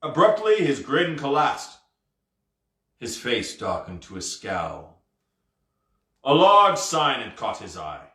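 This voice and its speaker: A man's voice: medium pitch, huge pitch swings, slow pace, pauses often, pushed and bright, reverberant. A man reading a novel aloud expressively, with casual asides. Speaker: storybook reader.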